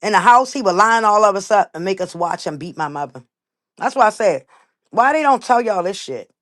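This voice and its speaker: A woman's voice: mid-range voice, expressive, fairly quick, fairly bright tone. A woman hosting a livestream, talking bluntly and emphatically in a heated, profane rant. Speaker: livestream host.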